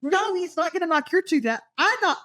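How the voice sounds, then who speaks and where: A woman's voice: very high voice, lively intonation, a little fast, noisy background. A woman hosting a podcast, telling stories to her friends in casual chat and laughing often. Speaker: podcast host. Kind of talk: casual storytelling among friends.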